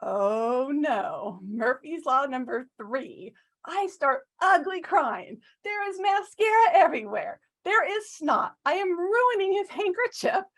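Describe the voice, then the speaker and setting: A woman giving a humorous storytelling speech at a club, animated and self-mocking, often asking the audience questions. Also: high voice, slow pace. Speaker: club speaker.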